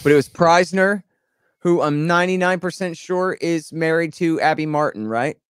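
A man's voice: a little high, normal speed, clean tone, dry recording. Sarcastic, rambling man with a dry close sound. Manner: rambling, sarcastic, animated retelling with mock quotes. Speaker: podcast co-host. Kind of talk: casual political podcast chat.

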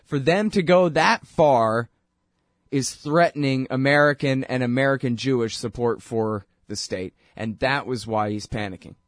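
A male talk host riffs loosely on politics, going off on tangents and trailing off. His voice sits at an ordinary middle pitch. The room is dead and dry, with no echo. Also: measured pace. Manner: rambling and conversational, mocking voices when quoting. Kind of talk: casual political commentary.

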